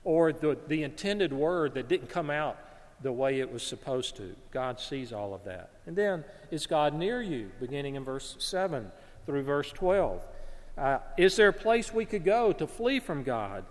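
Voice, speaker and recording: A man's voice: fairly high pitch, expressive, unhurried. Man preaching in a reverberant hall. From North Alabama, US. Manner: earnest, repeats words while searching for them. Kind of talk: sermon.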